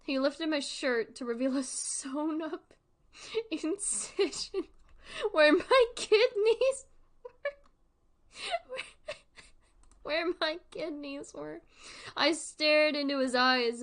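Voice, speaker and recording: Young woman, high bright voice, unhurried, reading creepy stories aloud, swearing, laughing often. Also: animated. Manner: swears a lot and breaks into laughter. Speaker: creepypasta reader and reactor.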